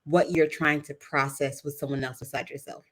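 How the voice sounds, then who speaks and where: A woman's voice: low voice, flat delivery, normal speed, fairly bright tone. A woman from Arkansas joining as a guest founder, chatting casually and enthusiastically on a webinar. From Little Rock, Arkansas.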